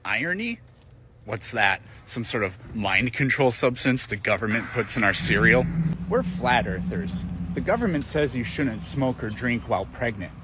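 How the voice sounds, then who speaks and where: An actor playing a smug, self-satisfied flat-earther man in a comedic sketch, delivering deadpan sarcastic lines. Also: mid-range voice, normal speed, background noise, close to an everyday voice. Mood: deadpan mocking.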